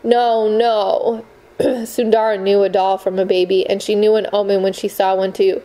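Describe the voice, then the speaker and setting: A woman narrating a novel in a measured, expressive storytelling voice. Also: mid-range voice, low-quality recording. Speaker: audiobook narrator. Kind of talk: scripted narration.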